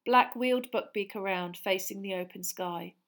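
Female narrator, measured storybook reading at a medium pitch. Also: a bit bright. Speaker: audiobook narrator.

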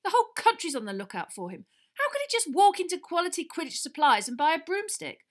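A woman reading an audiobook, voicing an excitable teenage boy sports captain who exclaims eagerly in a raised voice. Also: quick pace. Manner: breathless, eager, high-pitched exclaiming. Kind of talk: audiobook character voice.

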